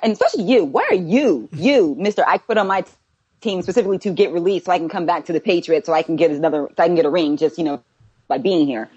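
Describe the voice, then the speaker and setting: A woman's voice: on the low side, quick pace, warm tone, breathy edge, dull audio. A woman co-hosting a casual sports chat, opinionated and emphatic, firing off rhetorical questions. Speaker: podcast co-host.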